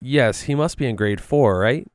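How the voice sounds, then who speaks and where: A man's voice: medium pitch, normal speed, clean tone, no room sound, lightly acted. A man voicing a chatty, sweetly confused older woman neighbor who talks in a chirpy, insistent way.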